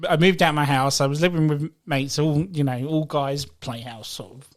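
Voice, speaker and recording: A man's voice: on the high side, moderate pace, slight background noise. A man co-hosting a podcast, telling stories in a casual chat among friends and laughing often. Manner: animated storyteller, laughs often. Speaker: podcast co-host.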